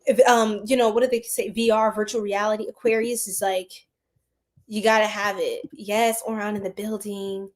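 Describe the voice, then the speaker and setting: A woman's voice: mid-range voice, little pitch movement, moderate pace. A young woman hosting a psychic livestream, chatting casually, reading comments, greeting viewers by name and laughing often.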